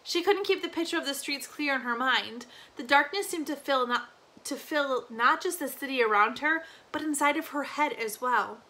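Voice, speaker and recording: A woman teacher reading a novel chapter aloud expressively, slowing on key phrases with a few small slips. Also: sits high, bright, forceful tone.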